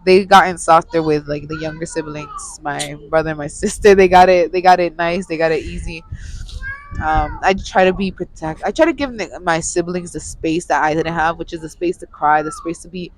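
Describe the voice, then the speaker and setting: A woman's voice: lowish voice, normal speed, rough recording. A young woman on a podcast, talking in a casual, rambling way and often restarting her sentences. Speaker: podcast co-host. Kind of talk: casual chat. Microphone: studio mic.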